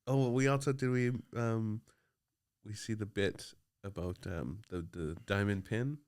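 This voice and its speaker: A man with a low voice talks through scenes from a film with his co-host. He is relaxed and casual, laughs a lot, and swears now and then. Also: a little slow, clear, resonant tone. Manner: laid-back, laughs often, retells scenes. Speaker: podcast co-host. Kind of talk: casual movie discussion.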